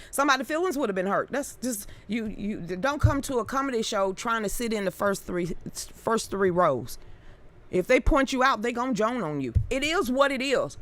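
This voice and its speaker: Woman, live stream host, joking casual talk, fairly high voice, very lively pitch. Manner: loose and joking, quick asides, Southern-leaning slang. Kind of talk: casual chat reading comments.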